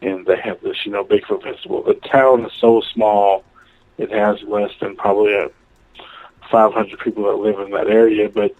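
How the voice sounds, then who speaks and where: A male caller from Oklahoma chatting casually and rambling, with lots of fillers, over a phone line. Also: on the low side. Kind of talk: casual call-in chat.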